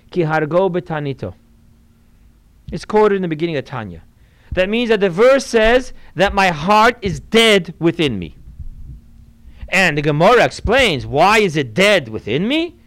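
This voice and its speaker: A man with a fairly high, smooth voice gives an earnest Torah class. He explains patiently and keeps quoting Hebrew and Yiddish texts as he goes. The sound is dry and close, with no room around it. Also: a bit bright, dry recording, rough recording. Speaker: rabbi teaching a class.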